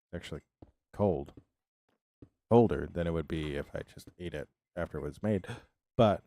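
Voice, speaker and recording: A man's voice: low-pitched, moderate pace, long pauses, dark tone, no echo. A man chatting casually on a live game stream, rambling and answering his viewers' chat as he plays.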